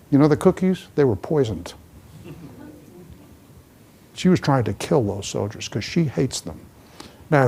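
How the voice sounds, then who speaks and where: A man with a mellow, medium-pitched voice speaks as an ambassador at a forum, delivering an emphatic talk packed with stories. Restless, he moves about while taking questions from the audience.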